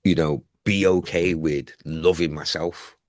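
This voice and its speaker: A man in his forties, a music artist, talking candidly in a relaxed conversation about his life and music. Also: a little slow, no echo, studio quality. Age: 40s. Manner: candid, laughs and jumps high in pitch when joking. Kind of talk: casual conversation.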